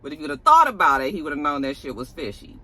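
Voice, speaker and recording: A woman's voice: low voice, rapid-fire, creaky. A woman giving a sassy, casual recap of a TV episode as the show's reviewer. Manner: sassy, animated, cursing. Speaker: TV show reviewer.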